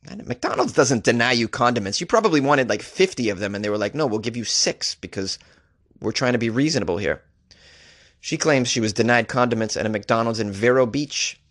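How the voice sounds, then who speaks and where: A man's voice: mid-range voice, a bit bright. Sarcastic man riffing on the news. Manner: sarcastic, jokey, laughs at own jokes. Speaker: podcast host. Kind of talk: comedic news commentary. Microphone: studio microphone.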